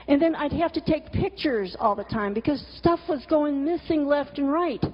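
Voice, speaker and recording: Woman, high voice, middle-aged, blunt swearing storyteller, dull lo-fi sound, long hall echo. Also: animated, moderate pace. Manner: blunt, frank, swears freely; vivid storyteller, exasperated asides. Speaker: cartoonist and teacher giving a talk. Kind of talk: candid storytelling talk with slides. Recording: lo-fi recording with long hall reverb.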